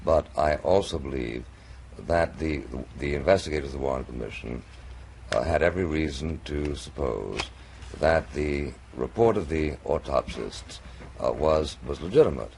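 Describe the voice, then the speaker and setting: A man's voice: a bass voice, animated, normal speed, vocal fry, a little mellow. A man hosting a televised debate, drawling, hesitant and full of stammered restarts, in an old TV recording. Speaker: host. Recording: faint noisy old TV recording.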